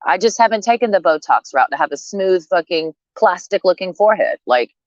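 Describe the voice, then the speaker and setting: A woman with a low voice venting in a blunt, rambling, profanity-laced rant. The sound is dry and a little dull. It is a slightly lo-fi recording. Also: expressive, brisk, dry recording. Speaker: vlogger. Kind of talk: casual rant to camera.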